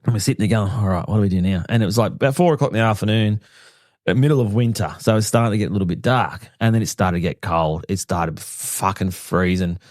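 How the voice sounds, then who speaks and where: A man's voice: fairly low pitch, quick pace, no room sound, clean studio sound. An Australian man co-hosting a podcast, telling stories and teasing his co-host with lots of swearing and laughter. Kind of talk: casual storytelling chat.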